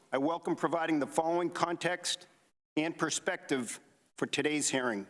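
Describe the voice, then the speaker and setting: Man giving formal testimony in a reverberant hall. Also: fairly high pitch. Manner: measured, reads statistics carefully. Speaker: hearing witness. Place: hearing room. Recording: long reverb of a hearing room.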